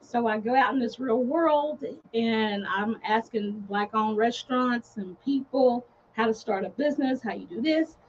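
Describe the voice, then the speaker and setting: A woman guest on a podcast telling her story in a casual, animated way, laughing often and acting out other people's voices. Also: on the high side, a little slow, few pauses, a little hiss or hum. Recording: dull lo-fi podcast audio.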